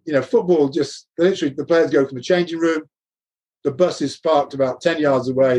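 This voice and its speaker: A man's voice: a little high, darkish tone. An older man, a former rugby coach, telling anecdotes in a casual interview, laughing often and restarting his sentences.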